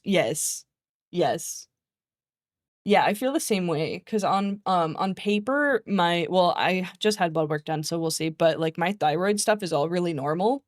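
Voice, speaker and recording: A woman's voice: fairly low pitch, normal speed, no echo. Laughing, swearing woman streamer, dry sound. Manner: animated ranting with frequent laughter and swearing; exasperated, mocking quoted voices. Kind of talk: casual stream chat.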